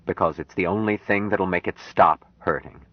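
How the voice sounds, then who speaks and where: A man voicing a calm, wondering outsider man. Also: low voice, normal speed. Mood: earnest. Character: grown man raised apart from humans, calm and wondering. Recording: dry, dull lo-fi audiobook recording.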